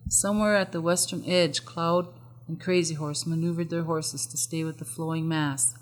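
An audiobook narrator reading a story in a steady, measured way. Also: medium pitch. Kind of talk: scripted narration. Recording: long hall reverb on the voice.

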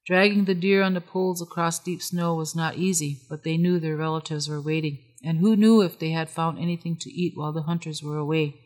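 A storyteller calmly reading a folk tale aloud at a measured pace. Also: medium pitch. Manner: calm, measured. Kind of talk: scripted story narration.

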